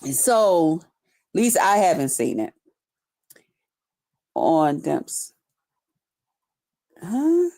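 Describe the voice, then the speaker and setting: A woman's voice: on the low side, huge pitch swings, very slow, creaky, pauses often, warm tone. A woman hosting a casual live stream, talking loosely and profanely to her viewers and greeting them by name. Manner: laughs often while greeting viewers. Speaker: livestream host reading her chat. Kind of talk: casual unscripted live chat.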